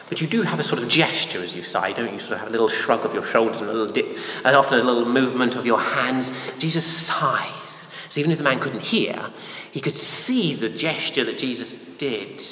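A man's voice: medium pitch, pushed and bright, a little hiss or hum. A man preaching a conversational sermon, often asking his listeners rhetorical questions. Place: church hall. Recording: echoey hall, faint room ambience.

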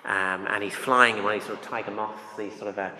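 A man's voice: on the low side, steady tone, fast, sharp tone. A man preaching a sermon in a loose, conversational way, with anecdotes and frequent ums and uhs. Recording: echoey hall with long reverb.

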